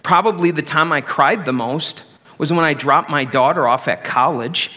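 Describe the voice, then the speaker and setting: Higher-voiced middle-aged male pastor. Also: moderate pace, pushed and bright. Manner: conversational, self-deprecating humor. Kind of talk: sermon.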